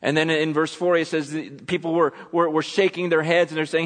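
A man preaching a sermon, animated and dramatic, acting out scripture scenes as he retells them. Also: fairly high pitch, fast talker, few pauses, big-room sound. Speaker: pastor.

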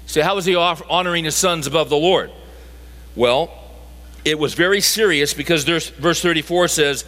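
A man's voice: a little high, normal speed, pushed and bright. A middle-aged man preaching a sermon, emphatic and full of rhetorical questions to his listeners. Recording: long hall reverb.

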